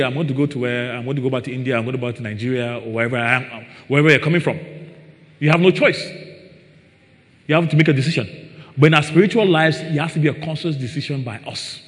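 A man's voice: medium pitch, fast talker, fairly bright tone. A man preaching a sermon to a congregation, reading scripture and stressing his points with "Praise the Lord" and questions to the listeners. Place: church hall. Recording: long reverb of a hall.

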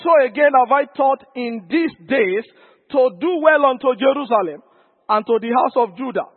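A pastor preaches with emphasis and keeps calling out to his congregation. His voice sits very high for a man. The recording is thin and phone-like, with a long reverb trailing off each phrase. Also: moderate pace. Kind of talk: sermon.

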